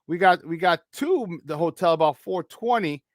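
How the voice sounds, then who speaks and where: A man's voice: on the high side, expressive, normal speed, dry recording, clean studio sound. A man co-hosting a morning sports talk show, telling a story in casual chat and acting out the people in it. He swears casually and restarts his sentences often.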